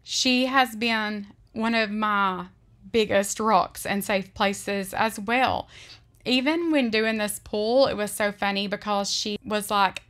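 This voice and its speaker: Woman home vlogger, sincere and emotional, medium pitch, unhurried heartfelt delivery. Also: fairly even intonation, a bit bright. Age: adult. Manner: earnest, emotional, often slow and deliberate. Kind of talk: heartfelt faith-based vlog talk.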